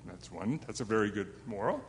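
A man's voice: lowish voice, expressive, brisk, big-room sound, slight background noise. A man telling a fable to a young live audience in a chatty, self-deprecating way, with asides to his listeners. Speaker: storyteller.

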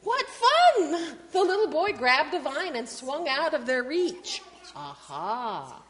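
A woman teacher reading a picture book aloud to children in a classroom. She tells the story in an animated way and acts out the sound effects. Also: high voice, normal speed, big-room sound, noisy background.

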